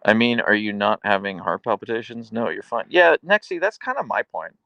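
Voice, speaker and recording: Gravelly-voiced man chatting on a live stream. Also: lowish voice, fairly quick, no room sound, highs cut off. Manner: relaxed, chatty, answers viewers. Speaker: livestream host reading chat. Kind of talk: casual live-stream chat.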